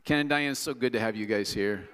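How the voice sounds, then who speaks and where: A man's voice: lowish voice, brisk, background noise. A middle-aged man preaching a sermon as pastor, talking chattily with joking asides to the congregation. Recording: long reverb of a large hall.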